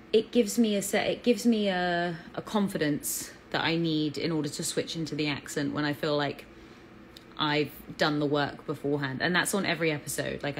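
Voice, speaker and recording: A woman's voice: low-pitched, slight background noise, rough recording. A woman with an English accent chatting on a live fan Q&A, bubbly and talkative as she greets viewers. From England. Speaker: actress answering fan questions.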